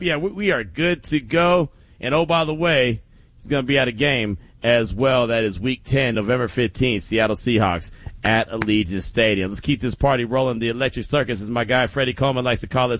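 A man hosting a sports talk radio show, hyped and energetic, often laughing. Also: mid-range voice, normal speed, dry recording. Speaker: radio host.

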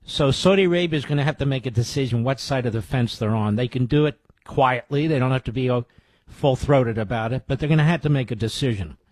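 A man's voice: mid-range voice, fast talker, darkish tone, dry recording. A man hosting a talk radio show, giving blunt political commentary in short declarative statements.

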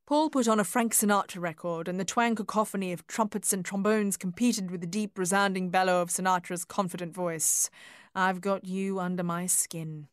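Dry, measured woman narrator. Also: medium pitch, dry recording. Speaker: audiobook narrator. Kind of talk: scripted narration.

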